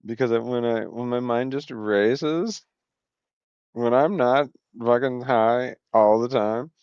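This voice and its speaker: A man's voice: medium pitch, slow, clear, resonant tone, no room sound, dull audio. A man hosting a casual livestream from home, rambling, swearing and interrupting himself, laughing often. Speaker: livestream host. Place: home, indoors.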